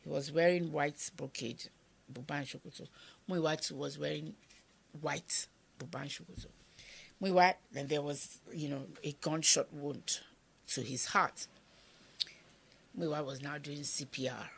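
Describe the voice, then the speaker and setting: A middle-aged Nigerian woman with a Nigerian accent, telling a personal story as an interview guest, animated and acting out voices, sometimes dropping to a whisper. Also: deep voice, measured pace, vocal fry, pauses often, slightly rough. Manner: animated, acts out quoted voices, drops to whispers.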